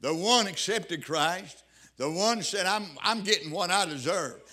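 A man preaches a sermon with a rhythmic, rolling cadence, stretching his emphatic phrases and breaking into interjections. His voice is bright and forceful, sitting a little higher than most men's. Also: a little slow.

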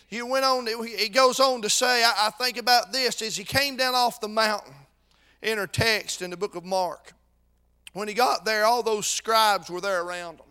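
Man preaching, very high voice, crisp and resonant, fervent sermon, loud peaks and hushed stretches, stumbling repeats. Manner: fervent, swings from loud shouted peaks to quiet intensity; repeats words as he restarts sentences.

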